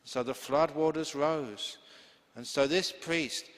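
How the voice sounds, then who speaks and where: A man's voice: fairly high pitch, slow pace, fairly bright tone. A man, a Buddhist monk teacher, giving a humorous, chatty dharma talk full of stories. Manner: humorous, chatty, laughing easily. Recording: long hall reverb.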